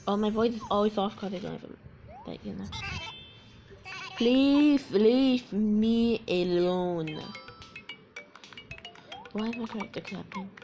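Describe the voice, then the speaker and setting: A woman's voice: mid-range voice, fast talker, vocal fry, highs cut off. A woman hosting a casual let's-play, chatty and jokey with rambling asides, music mixed under her voice. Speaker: gaming channel host.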